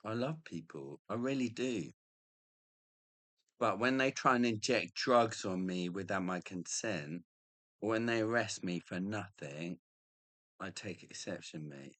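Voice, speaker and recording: A man's voice: on the low side, animated, a little slow, fairly bright tone, no echo. A middle-aged man, ranting in a rambling, profane monologue and tacking on "mate" again and again.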